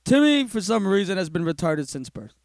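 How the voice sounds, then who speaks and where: Animated man telling an improvised comedy story. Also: sits high, a little fast, vocal fry, dry recording, clean studio sound. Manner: animated, laughing often, profane.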